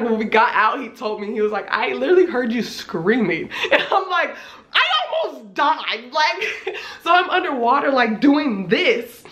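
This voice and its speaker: A woman in her twenties with a slightly hoarse, somewhat high voice recounts a scary experience in a casual, animated storytime vlog, swearing freely. The sound is roomy.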